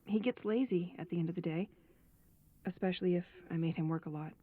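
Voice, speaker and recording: A woman's voice: lowish voice, fairly quick, lightly acted. An actress voicing a lonely young woman recording reflective, wry diary entries in a game. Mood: tender. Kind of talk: game voice acting. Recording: tinny phone-like sound.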